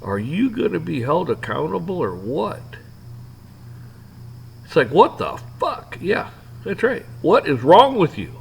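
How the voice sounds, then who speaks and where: A gravelly-voiced man ranting off the cuff. He rambles, curses freely, and keeps restarting his sentences. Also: on the high side, huge pitch swings, measured pace, long pauses, poor audio. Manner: rambling, profane, many restarts and fillers. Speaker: vlogger ranting to camera. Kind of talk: off-the-cuff rant.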